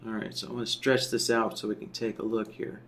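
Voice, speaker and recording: A man teaching a software tool in a screen-share tutorial, explaining step by step and often checking in with "right?" while he thinks aloud. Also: on the low side, little pitch movement, fast, a little hiss or hum. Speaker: software trainer.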